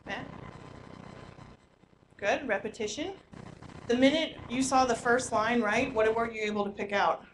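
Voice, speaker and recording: A woman leading a teacher workshop, lively and quizzing the audience with questions in a large room. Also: on the high side, a little slow, pauses often. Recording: echoey room, noisy live recording.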